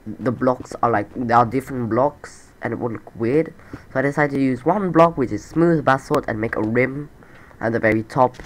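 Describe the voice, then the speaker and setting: A man's voice: mid-range voice, slight background noise. A man with a stuffy, nasal voice giving casual, rambling commentary over his game build, repeating himself and poking fun at himself. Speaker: let's play creator.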